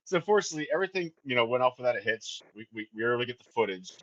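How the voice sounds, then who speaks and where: A man's voice: medium pitch, racing. Swearing male guest, dull lo-fi sound. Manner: profane, laughing, animated storyteller. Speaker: band vocalist and guest. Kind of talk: casual storytelling chat.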